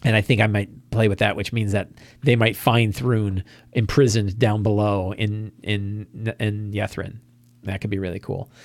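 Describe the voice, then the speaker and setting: A man's voice: lowish voice, measured pace, dry recording. A man hosting a game-master prep talk, casually recounting a tabletop session with frequent restarts. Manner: animated storytelling, acting out players' lines, frequent restarts. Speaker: host giving game-master prep advice.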